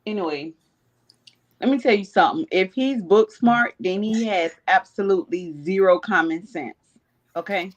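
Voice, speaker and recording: A woman's voice: medium pitch, normal speed, highs cut off. Blunt woman caller. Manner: blunt, emphatic. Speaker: caller joining a livestream.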